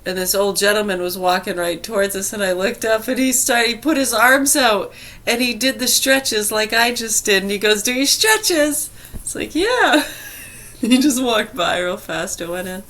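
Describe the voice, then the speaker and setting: A woman's voice: medium pitch, normal speed. A woman vlogging casually, telling a story in a chatty way with frequent laughter. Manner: chatty, laughing, animated retelling.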